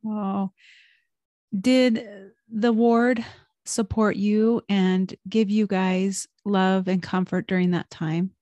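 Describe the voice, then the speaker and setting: A woman interviewer asking gentle, probing questions. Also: mid-range voice, flat delivery, slow, no room sound.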